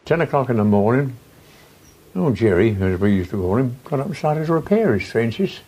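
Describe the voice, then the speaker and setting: A man's voice: mid-range voice, very animated, normal speed, warm tone, slightly rough, poor audio. An older veteran man in an archive interview, telling a chatty anecdote. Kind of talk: archive oral-history interview.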